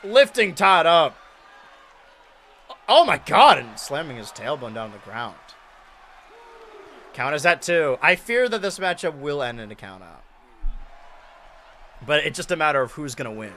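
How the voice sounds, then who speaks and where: A young man streaming and commentating a wrestling video game, excitable, shouting and pleading at big moments and muttering through his math. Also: mid-range voice, moderate pace, long pauses, some chatter behind. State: out of breath.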